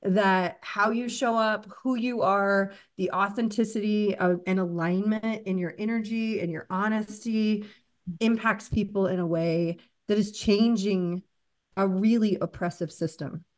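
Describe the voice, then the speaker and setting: A woman's voice: mid-range voice, steady tone, a little slow. A woman hosting a podcast interview, earnest and affirming as she speaks directly to her guest. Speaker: podcast host. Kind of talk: casual interview conversation.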